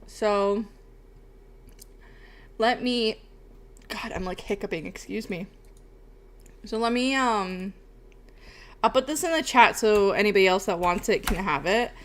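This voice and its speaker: A young woman's voice, on the high side and a bit bright, rambles through a casual livestream. Profanity comes up often, and she tags lines with "bro" and "okay?"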